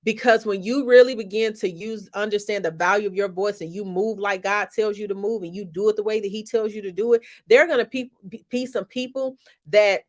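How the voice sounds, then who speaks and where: A woman's voice: mid-range voice, a little mellow. A woman business coach giving an emphatic, motivational talk on a social media live, repeating key phrases like a preacher.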